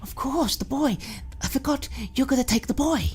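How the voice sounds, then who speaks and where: A woman's voice: lowish voice, very animated, moderate pace, vocal fry, a little mellow, breathy edge, pitched above the performer's own voice, full character voice. A woman doing a tipsy, wheedling, creepy mother. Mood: flustered. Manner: wheedling, stammering, whispery. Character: tipsy, doting, sinister middle-aged mother.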